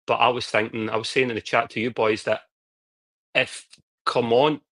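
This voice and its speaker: A man's voice: mid-range voice, a bit bright, no room sound. Blunt Scottish man, dry close sound. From Scotland. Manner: blunt, joking, uses Scots slang. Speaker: podcast co-host. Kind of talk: casual football podcast chat.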